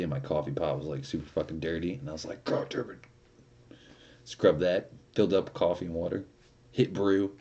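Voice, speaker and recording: Young male streamer, low dark voice, profane and rambling casual chat. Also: highs cut off. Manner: rambling, profane, laughs often.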